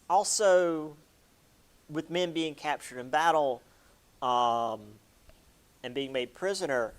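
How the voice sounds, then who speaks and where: A man giving a casual history lecture, chatty, with many fillers and playful quoted asides. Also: medium pitch.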